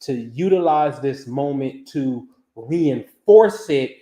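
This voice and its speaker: A middle-aged man hosts a casual astrology stream in a loose, slangy manner and addresses viewers by name. His voice sits in a middle pitch. The room around him is echoey. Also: lively intonation, slow, dark tone. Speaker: astrology reader host. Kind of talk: casual live-stream reading.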